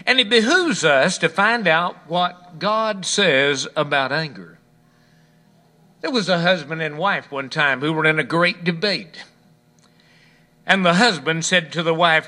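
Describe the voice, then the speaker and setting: A man's voice: on the high side, a little slow, pushed and bright. A male preacher delivering a sermon in front of an audience, telling jokes and stories and pressing points home with emphasis.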